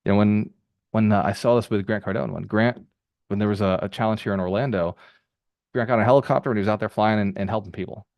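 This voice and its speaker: A man hosting a group call as a real estate mentor, giving an energetic motivational talk with rapid, repeated phrases. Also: lowish voice, no room sound, clean studio sound.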